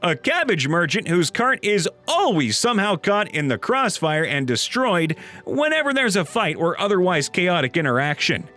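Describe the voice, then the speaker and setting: A man reading viewers' stories aloud in an animated, playful way. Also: sits high, moderate pace. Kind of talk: reading online comments aloud.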